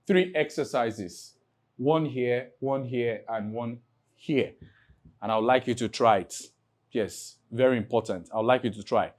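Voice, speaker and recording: A man teaching an exam-prep English lesson, stretching out example sentences and asking his class rhetorical questions. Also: medium pitch. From Nigeria. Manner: drawn-out emphatic reading of example sentences.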